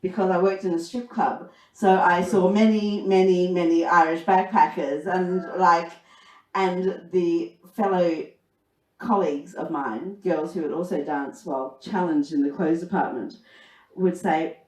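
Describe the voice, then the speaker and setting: An Australian woman with a lowish voice works through a stand-up set, spinning bawdy, chatty stories and laughing as she goes. Her voice sounds a little distant from the mic. It rings out in an echoey room. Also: steady tone, unhurried, darkish tone. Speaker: stand-up comedian. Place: pub comedy club.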